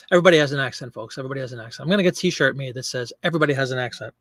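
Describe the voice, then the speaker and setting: A man's voice: mid-range voice, racing, fairly bright tone, no echo, clean studio sound. A man hosting a live selling stream, chatting casually and joking as he reads viewer comments aloud.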